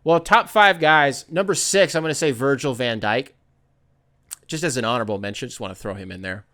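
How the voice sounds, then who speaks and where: A man's voice: mid-range voice, animated, fast, fairly bright tone. A man hosting a podcast, chatting loosely and rambling with lots of fillers and the odd swear. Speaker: podcast host. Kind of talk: casual chat.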